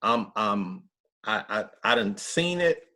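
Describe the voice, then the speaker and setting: A man's voice: fairly low pitch, big pitch swings, takes it slowly, sharp tone. A middle-aged man, a pastor, telling his story in an interview with emphatic, earnest country talk. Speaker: pastor, guest.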